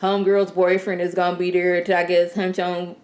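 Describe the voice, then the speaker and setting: A woman casually reviewing a TV episode in a sassy, animated, rambling way. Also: fairly low pitch, fairly quick. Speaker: TV show reviewer. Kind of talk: casual chat.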